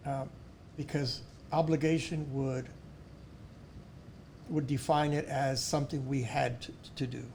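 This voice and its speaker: A man's voice: mid-range voice, little pitch movement, a little slow, creaky, pauses often, darkish tone, slight background noise. A man, a pharmacy owner and school board member, talking earnestly in a casual interview and often restarting his words.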